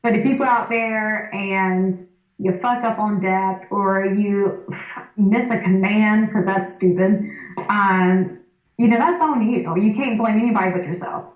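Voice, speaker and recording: A woman's voice: medium pitch, unhurried, far from the mic. Candid woman lifter, echoey and off-mic. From United States. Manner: candid, blunt, laughs easily, filler "like". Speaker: guest, competitive powerlifter; first grade teacher. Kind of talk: casual podcast interview. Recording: echoey room, off-mic, dull sound.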